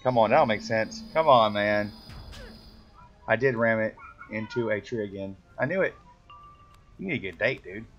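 A man's voice: lowish voice, animated, normal speed, pauses often, fairly bright tone, highs cut off, faint music behind. A man chatting casually and swearing freely while playing a game, joking and teasing as he goes. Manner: profane, joking, hums along while playing. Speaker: game streamer. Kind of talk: casual gameplay chat.

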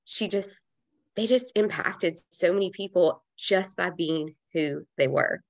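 Podcast guest: woman, thirties, low gravelly voice, earnest and reflective, close dry mic. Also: a little slow, no room sound. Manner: earnest, reflective, with casual fillers like "like". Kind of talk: heartfelt conversational interview.

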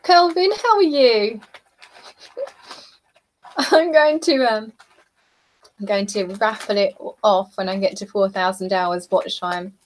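Slow-talking British woman chatting live. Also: mid-range voice. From southeast England. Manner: chatty, giggly, reads out comments. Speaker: livestream host. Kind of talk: casual chat while painting.

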